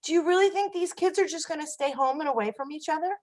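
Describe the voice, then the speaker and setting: A woman co-hosting a casual web talk show, animated and gossipy, laughing often. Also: sits high, fast talker, low-quality recording. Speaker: co-host.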